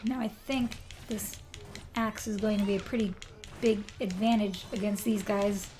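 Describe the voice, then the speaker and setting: A young woman chats to herself while playing a video game on a live stream, giving gameplay commentary. Her medium-pitched voice is fairly even in intonation at normal speed, over a noisy background.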